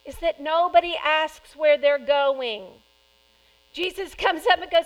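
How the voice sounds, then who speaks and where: A woman preaching a sermon in a lively, conversational way, acting out quoted lines. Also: sits high, measured pace, rough recording.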